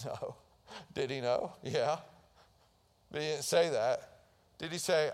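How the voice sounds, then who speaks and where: A man's voice: mid-range voice, a little slow, pauses often, a little mellow, big-room sound. A male pastor preaching a sermon, retelling Bible stories and acting out the voices in them. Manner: storytelling preacher acting out biblical scenes with rising intensity.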